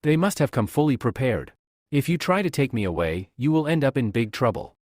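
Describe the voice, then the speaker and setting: A man voicing a captive young princess, calm and proud, in a flat read-aloud delivery. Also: medium pitch, a little fast, no echo, studio quality, lightly acted.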